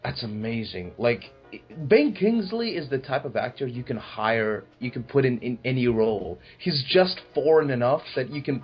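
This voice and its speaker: A young man in casual film review chat, profane and riffing with mocking asides, husky voiced. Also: mid-range voice, lively intonation, moderate pace, few pauses, muffled recording, faint music behind. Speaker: podcast co-host.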